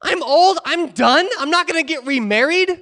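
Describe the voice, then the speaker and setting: A bitter, grieving old widow begs her loved ones to leave her, as a male preacher puts her on. The voice is lifted high and strained, pleading. It is delivered as a dramatized scripture passage within a sermon. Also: lively intonation, normal speed, bright, forceful tone, big-room sound, exaggerated voice.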